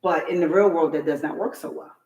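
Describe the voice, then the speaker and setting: On a talk show, a middle-aged New York woman tells a story in a low-pitched, brisk voice, animatedly performing other people's lines with lots of emphasis. The audio is dull and reverberant.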